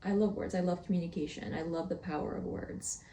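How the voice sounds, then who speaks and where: A young woman hosting a podcast, telling a story in a playful, casual way and stretching her words out slowly for effect. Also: on the low side, steady tone, mellow, echoey room. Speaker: podcast host.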